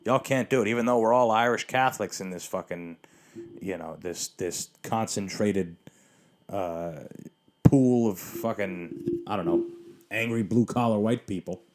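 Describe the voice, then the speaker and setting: A man with a lowish voice rambles through a solo podcast rant, sarcastic and profane. He restarts sentences, leans on fillers, and has the hiccups. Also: a little slow, a little mellow. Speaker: podcast host.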